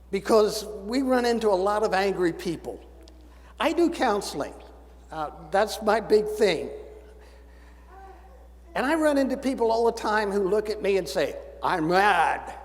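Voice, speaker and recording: A man's voice: high voice, sing-song, a little slow, long pauses, a little mellow. A man in his seventies preaching a sermon, folksy and storytelling with dry humor. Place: church sanctuary. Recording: church sanctuary with long reverb.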